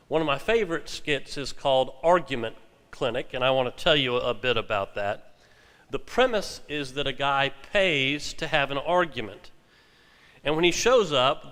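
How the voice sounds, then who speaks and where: A man preaching a sermon as pastor, speaking in measured phrases and slowing for emphasis. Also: medium pitch, a bit bright, smooth, long reverb tail. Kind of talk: sermon with scripture reading.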